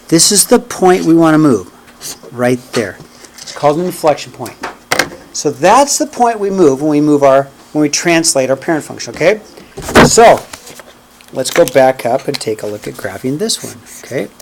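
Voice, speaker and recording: Background noise surrounds a very animated man with a highish voice as he teaches math to a class at a moderate pace. Graphing as he goes, he counts the points out loud and often checks in with "okay?" or "right?".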